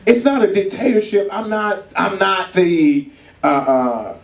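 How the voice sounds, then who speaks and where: A man's voice: sits high, a little slow, gravelly. A man preaching at a marriage retreat, telling stories in a casual, colloquial way with acted voices. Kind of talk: sermon. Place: hall at a church retreat. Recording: echoey room, mic far off.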